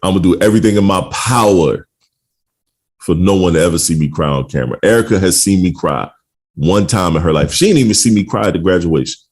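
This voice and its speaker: A man's voice: low-pitched, lively intonation, fast talker, a little mellow, slightly rough. A middle-aged man hosting a podcast, talking in a laid-back, casual way with lots of slang and laughter. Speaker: podcast host.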